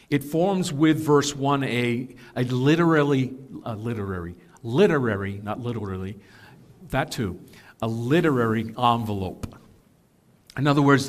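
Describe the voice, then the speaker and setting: Male pastor, mid-pitched voice, earnest, emphatic teaching sermon with casual asides.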